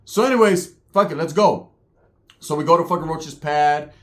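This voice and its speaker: A man with a slightly high voice tells a crude, comic story at normal speed. He's casual, profane, and animated, tagging his lines with a rhetorical "right?".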